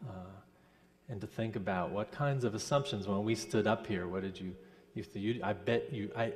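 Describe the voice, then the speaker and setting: A man's voice: on the low side, slightly rough. Man minister talking to children, long church reverb. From New Jersey. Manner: asks the children questions, gentle teacherly tone. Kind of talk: children's story in a worship service. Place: church sanctuary.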